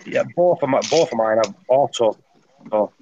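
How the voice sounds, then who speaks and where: A man's voice: mid-range voice, expressive, moderate pace, a little mellow. A man chatting as a guest on a live stream, full of teasing banter. His voice comes through muffled and slightly dull. A faint hiss sits beneath him. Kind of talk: casual chat.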